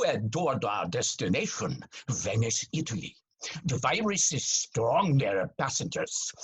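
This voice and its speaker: An actor playing a pompous male airline captain who drawls grandiose, suggestive announcements in a raspy voice. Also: sits high, a bit bright, exaggerated voice. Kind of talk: comedic audio drama acting.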